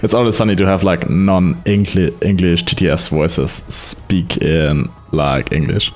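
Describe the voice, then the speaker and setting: A man streaming live, casually showing off software he built, chatty and rambling and often laughing. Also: low-pitched, steady tone, measured pace.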